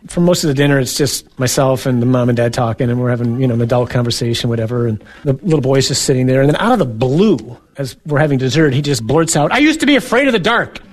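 A male priest giving a sermon in an earnest, conversational way, with soft asides. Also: mid-range voice, fast talker, few pauses.

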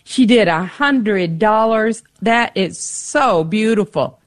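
A woman's voice: medium pitch, slow pace. Playful woman co-hosting a pledge drive. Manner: playful teasing, lively. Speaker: radio co-host. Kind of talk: fundraising radio pledge drive.

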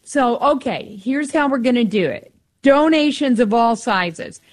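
A woman co-hosting a radio fundraiser who thanks donors and reads out the call-in number slowly. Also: a little high, animated.

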